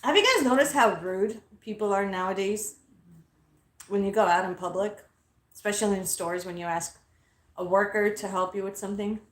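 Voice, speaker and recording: A woman's voice: medium pitch, normal speed, reverberant. A young adult woman hosting a casual vlog, telling a story in a blunt, profane, indignant way. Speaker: host. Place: inside a car.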